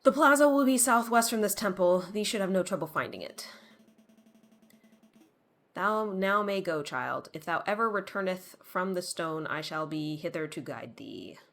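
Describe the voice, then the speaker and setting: A woman voicing a solemn temple guide in a video game, speaking slowly in formal, old-fashioned phrasing. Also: lowish voice, lively intonation, a bit bright.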